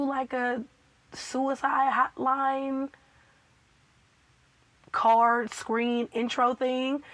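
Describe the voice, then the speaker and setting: A woman giving a casual, animated reaction review of a TV episode, full of playful asides and exclamations. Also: a little high, no echo, poor audio. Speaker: TV show reviewer.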